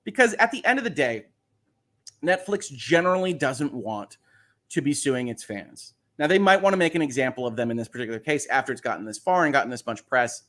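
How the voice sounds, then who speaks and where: A man's voice: medium pitch, expressive, fairly quick, a bit bright. A man hosting a casual livestream, chatting about legal news, reading viewer questions and explaining cases. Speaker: host.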